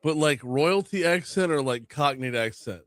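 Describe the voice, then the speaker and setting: A man's voice: on the high side, lively intonation, normal speed, no room sound, studio quality. A man hosting a morning talk radio show, bantering in an easygoing, chatty way.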